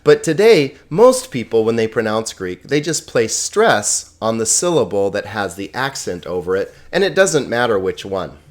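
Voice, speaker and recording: A man teaching a lesson, speaking slowly and carefully, sounding out words syllable by syllable and checking in with the class. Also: fairly low pitch, big pitch swings. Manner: slow, deliberate, repeats words syllable by syllable; checks in with "okay?" and "right?". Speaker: Greek teacher.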